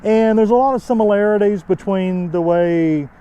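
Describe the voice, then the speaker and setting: A man with a strong East Texas accent talks to camera in a loose, rambling vlog style. His voice sits a bit on the high side for a man, with a warm, mellow tone. He wanders from thought to thought in an easy, conversational way. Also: normal speed, smooth. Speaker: vlogger. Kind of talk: casual vlog talk.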